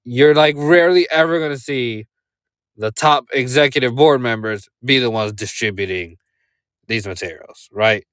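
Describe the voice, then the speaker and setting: A man's voice: mid-range voice, moderate pace, fairly bright tone, smooth, dry recording, clean studio sound. A man giving casual commentary on a remote call as podcast co-host, rambling with many fillers and rhetorical "right?" checks.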